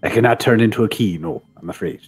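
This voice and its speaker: Low-voiced male tabletop player. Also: fast, husky, soft background music. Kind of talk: casual tabletop chat.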